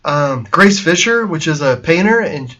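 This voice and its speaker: A man's voice: fairly high pitch, animated, measured pace, sharp tone, highs cut off. A man hosting a casual show from his art studio, talking in a rambling way with many fillers and restarts. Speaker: painter and host.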